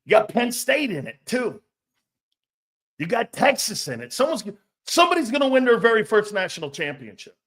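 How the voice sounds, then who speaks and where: A man's voice: high-pitched, sing-song, moderate pace, fairly bright tone. A man hosting a casual sports talk show, joking, rambling and laughing often between his points.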